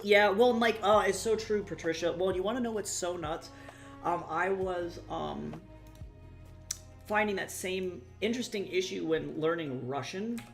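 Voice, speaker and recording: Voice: mid-range voice, moderate pace, creaky, soft background music. A young adult streamer in casual live-stream chat, rambling and swearing casually while talking to viewers.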